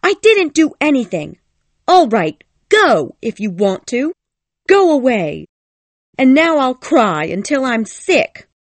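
A spoiled young woman with a shrill, commanding voice that leaps high and swings wildly between notes, as a man puts her on. She snaps orders and flares into temper. The storybook reading sounds dry and close. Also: sing-song, moderate pace, few pauses, dry recording, exaggerated voice. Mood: desperate. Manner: shrill and imperious.

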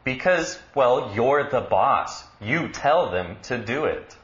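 A man teaching English on a radio lesson, explaining words slowly and patiently with lively emphasis. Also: mid-range voice, roomy sound, highs cut off.

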